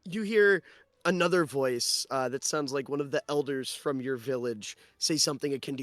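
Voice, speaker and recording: A man's voice: medium pitch, a bit bright, dry recording. A man running a tabletop role-playing game as game master, narrating scenes and talking with his players. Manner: descriptive, slowing for dramatic narration.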